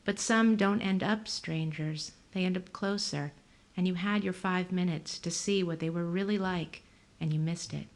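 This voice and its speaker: A woman author giving a measured, low-key reading from her novel at a library event. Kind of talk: reading fiction aloud.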